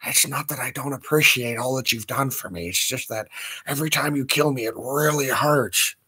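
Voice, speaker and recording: A man's voice: mid-range voice, moderate pace, pushed and bright, slightly rough. A man doing a meek, mumbling devil's son.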